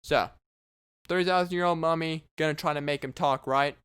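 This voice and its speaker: A man's voice: on the high side, fairly even intonation, normal speed, fairly bright tone, clean tone. A man hosting his own casual podcast, talking alone in a sarcastic, rambling and mocking way. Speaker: podcast host. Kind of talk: casual solo podcast monologue.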